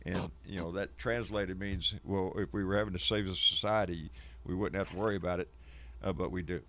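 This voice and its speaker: A man co-hosting a casual live show, chatting about politics and getting heated and animated when passionate. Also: low voice, fairly quick, slight background noise. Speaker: co-host.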